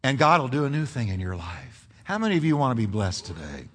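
A middle-aged man preaching as a pastor, with sweeping swings in pitch and emphatic build-ups. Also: very animated, fast, a bit bright. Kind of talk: sermon. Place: church sanctuary.

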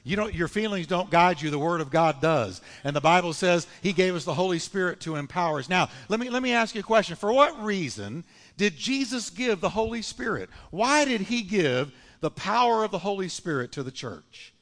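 A male pastor preaches in a high, ringing voice, stretching key words and calling on the congregation to answer. His sermon rings out with a long reverb from a large church hall. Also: lively intonation, a bit bright. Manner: preaching with emphatic, drawn-out phrases and call-and-response. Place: church sanctuary.

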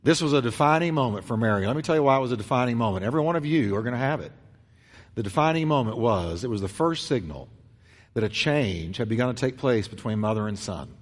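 Lively preacher man in a big reverberant hall. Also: mid-range voice, quick pace. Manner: animated storytelling, acts out voices, swings from loud to hushed. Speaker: pastor. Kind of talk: sermon.

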